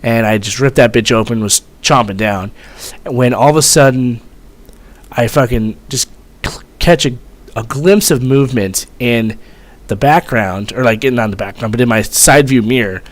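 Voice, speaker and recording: A young man at an ordinary middle pitch tells a story to his viewers in a loose, rambling way. He swears freely and fills the gaps with ums and restarts. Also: normal speed. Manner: profane, rambling, with many fillers. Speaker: vlogger telling a military story. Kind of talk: casual storytelling.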